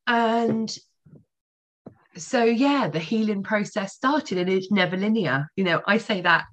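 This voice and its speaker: A woman's voice: mid-range voice, moderate pace, a bit bright. A woman in her forties, a podcast guest telling her personal story candidly, swearing freely.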